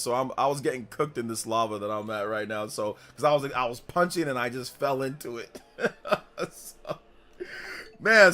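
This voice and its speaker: A man's voice: medium pitch, bright, forceful tone. A young man streaming a video game live, chatting casually, rambling and repeating himself and laughing easily.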